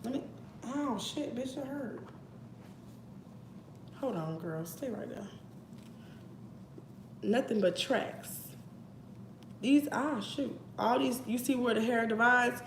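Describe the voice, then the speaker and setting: A woman's voice: on the high side, slow pace, long pauses, noisy background. Blunt, profane young woman venting. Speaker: vlogger. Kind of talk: casual storytime vlog. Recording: echoey room with faint ambience.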